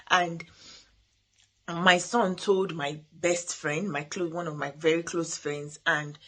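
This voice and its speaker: Husky middle-aged woman giving parenting advice. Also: fairly low pitch, a bit bright. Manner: earnest, advising, with frequent restarts. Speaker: parenting podcast host. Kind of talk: motivational talk.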